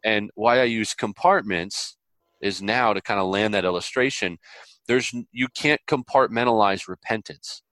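Man, interview guest, lowish pitch, dry close sound, earnest preacher-like storyteller. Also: normal speed, no room sound. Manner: earnest, animated storytelling with voiced quotes; preacherly, biblical illustrations. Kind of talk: conversational interview.

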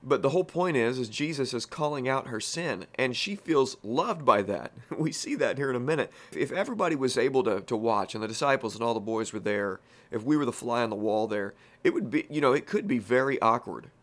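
A man's voice: mid-range voice, animated, brisk, few pauses, a bit bright. A man teaching through a Bible passage in a plain-spoken, folksy way, full of casual asides. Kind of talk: conversational Bible teaching podcast.

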